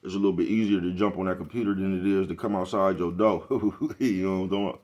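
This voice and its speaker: A man with a low, deep voice talks quickly and loosely straight to his audience. His street slang is laced with profanity. He keeps circling back to ask if you're following him. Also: steady tone, darkish tone, muffled recording. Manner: repeats "you know what I'm talking about". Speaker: vlogger. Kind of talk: casual monologue to camera.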